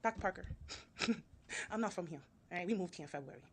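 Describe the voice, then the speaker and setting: A woman's voice: on the low side, a little fast, fairly bright tone, a little hiss or hum. A woman with a New York accent confronting a school board during public comment, pressing her points with repeated "okay?". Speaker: parent addressing a school board.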